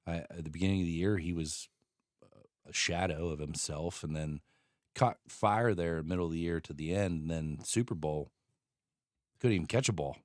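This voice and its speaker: A man co-hosting a casual podcast from a converted garage, laid-back and quick with short agreeing replies. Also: sits low, no echo, clean studio sound. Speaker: podcast co-host. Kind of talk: casual chat.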